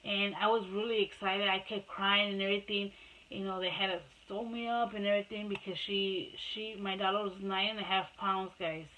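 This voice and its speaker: A woman's voice: mid-range voice, fairly even intonation, a little fast, bright, forceful tone, slight background noise, low-quality recording. Woman rambling through a personal story. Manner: rambling, emotional retelling, addresses viewers as guys; switches between English and Spanish. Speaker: vlogger.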